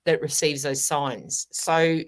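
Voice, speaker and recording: A woman's voice: low voice, steady tone, slow pace. A woman, a guest medium talking in a chatty, storytelling way. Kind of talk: casual chat.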